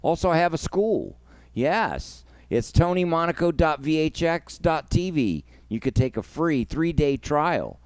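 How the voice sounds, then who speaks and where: A man's voice: on the high side, big pitch swings, measured pace, clear, resonant tone, dry recording. A man hosting his own music livestream, talking emotionally and effusively, thanking viewers and guests by name. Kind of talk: casual livestream chat.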